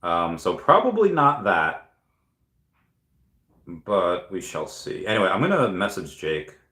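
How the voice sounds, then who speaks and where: A man with a lowish voice chats loosely through a livestream, reading out viewer comments and musing aloud. He pauses often with ums and uhs. His voice rings a little in a room with noticeable echo. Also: big pitch swings, pushed and bright. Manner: rambling, thinking aloud with many fillers. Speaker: crypto livestream host. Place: room at home at night.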